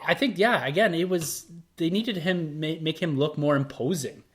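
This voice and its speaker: Higher-voiced man hosting a casual chat. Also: normal speed. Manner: leads the talk, asks the others questions. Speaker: podcast host. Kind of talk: casual movie review chat.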